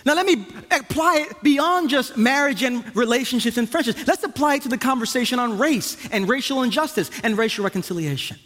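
A man delivers a sermon with a strikingly high, animated voice that swoops up and down. He builds his points by repeating phrases and weaving in personal stories. His voice rings out with a long, hanging reverb, as if from a large church hall. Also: brisk, hardly any pauses. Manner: storytelling, repeats phrases for emphasis. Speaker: pastor.

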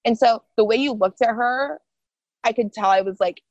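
A woman's voice: fairly high pitch, moderate pace, no echo, highs cut off. A woman guest on a podcast, telling a personal story in casual chat and acting out the voices of the people in it. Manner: animated, quotes others in lively voices.

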